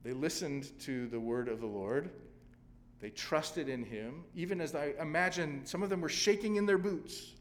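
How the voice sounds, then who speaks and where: A man's voice: on the high side, moderate pace, in a large hall, a little hiss or hum. A male pastor preaching a sermon, telling a scripture story dramatically with sudden swells of emphasis.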